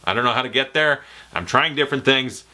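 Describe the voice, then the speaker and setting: A young Canadian man with a mid-range voice speaks quickly, answering viewer questions in a casual vlog. He's animated and jokey, slipping into impressions of movie quotes.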